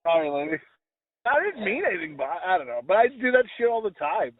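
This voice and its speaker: Over a loud crowd, a fast-talking man with big swings in pitch co-hosts a podcast. He tells meandering, vulgar, self-deprecating anecdotes in casual chat and mimics others' words in a high-pitched voice. The audio is dry and lo-fi, like a phone.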